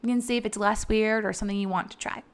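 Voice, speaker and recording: A woman yoga teacher giving a casual, chatty lesson on calming breathing and laughing now and then. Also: medium pitch, fast, clear, resonant tone. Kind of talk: casual instructional talk.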